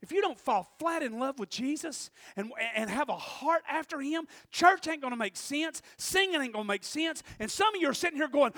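A male pastor preaching a sermon, telling stories animatedly, acting out voices and rising to shouts. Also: extremely high pitch, lively intonation, brisk, few pauses, no echo, clean studio sound.

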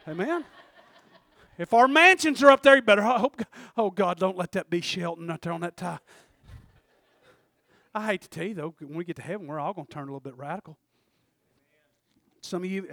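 A middle-aged man preaching a sermon. He calls out for amens and builds up to shouting. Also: no room sound, studio quality. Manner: shouts and climbs in pitch at peaks, calls for amens.

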